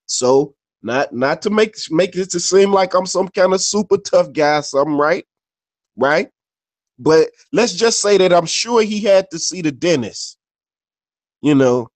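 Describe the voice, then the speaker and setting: Speaking in a somewhat high voice, a podcast co-host loosely spins stories in street slang, swearing freely and leaning on filler tags nearly every phrase. The sound is dry and close, with no room sound at all.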